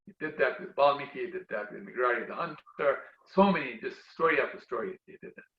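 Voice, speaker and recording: Gravelly man telling a devotional story. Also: medium pitch, fast. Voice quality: animated, chatty with frequent fillers. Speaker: devotional speaker. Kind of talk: storytelling religious talk. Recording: roomy, dull recording.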